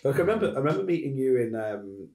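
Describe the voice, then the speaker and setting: Rambling man with a mellow voice. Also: mid-range voice, sing-song, rapid-fire, creaky, echoey room. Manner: rambling, restarts often. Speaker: podcast host. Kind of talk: casual chat.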